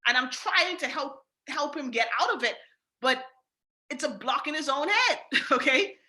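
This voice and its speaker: A woman's voice: sits high, lively intonation, normal speed, pushed and bright. A woman with a Bahamian accent leading a sales team training call, emphatic and repetitive, talking straight to her listeners.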